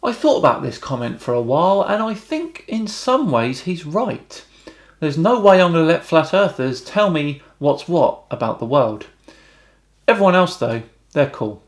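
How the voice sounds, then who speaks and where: A British man hosting a YouTube channel, reading out viewer comments and answering them with wry, deadpan remarks. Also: on the high side, normal speed. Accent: British English. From Britain.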